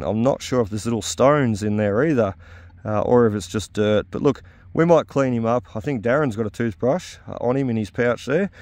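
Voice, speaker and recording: A man's voice: mid-range voice, a little mellow, dry recording. A middle-aged Australian man with an upbeat, chatty manner and lots of 'uh' fillers, talking outdoors at an old house site as a metal detecting vlogger. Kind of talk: casual outdoor commentary.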